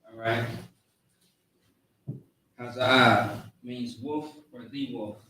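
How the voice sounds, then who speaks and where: A man giving a casual, slangy lesson on words, spelling them out slowly. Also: medium pitch, fairly even intonation, sharp tone. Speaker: teacher of a language class. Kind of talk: informal lesson with a live chat. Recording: echoey room, far from mic, faint noise.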